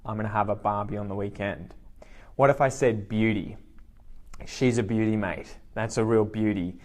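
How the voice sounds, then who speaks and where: A man's voice: fairly low pitch, a little mellow. Australian man teaching English slang. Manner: slow, clear, repeats words for learners. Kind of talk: live online language lesson.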